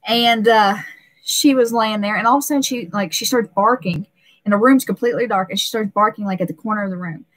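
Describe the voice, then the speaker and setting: A woman's voice: mid-range voice, quick pace. A woman hosting a casual live stream, rambling and emotional, laughing often and filling gaps with "uh" and "um".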